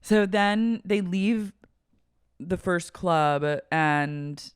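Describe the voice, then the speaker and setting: A woman's voice: lowish voice, very slow, clean tone, dry recording, clean studio sound. A woman co-hosting a podcast, recapping a reality show in casual chat, acting out the cast's lines with laughter. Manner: animated, acts out quotes from the show with laughter. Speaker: podcast co-host.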